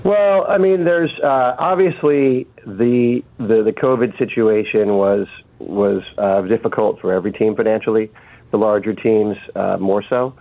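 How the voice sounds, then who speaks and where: Over a phone line, a radio guest with a low-ish, creaky voice calls in and talks haltingly, stumbling through frequent fillers and restarts.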